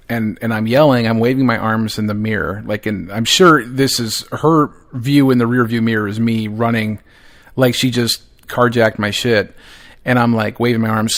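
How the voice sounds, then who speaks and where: Podcast host guy in his 40s, swears a lot, laughs through his own story, middle pitched voice. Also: unhurried. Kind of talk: casual storytelling monologue.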